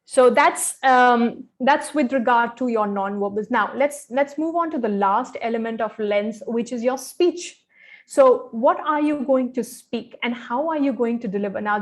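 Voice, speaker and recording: A woman with a slightly high voice gives a training session for pageant contestants. She talks in an instructive, friendly way, often pausing on "um" and checking in with "okay". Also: a little mellow. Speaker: pageant fashion and grooming coach.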